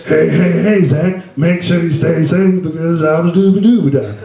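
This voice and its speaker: A man doing an impression of a big cheerful cartoon teen boy, with a booming, slurred catchphrase delivery. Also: moderate pace, dull audio, a crowd in the background, natural voice. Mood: jovial. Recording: roomy stage sound.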